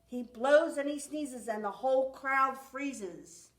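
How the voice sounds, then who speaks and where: A woman's voice: sits high, slow, fairly bright tone. A woman reading a rhyming picture book aloud at a library storytime with rhythmic expression. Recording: echoey room, far from mic.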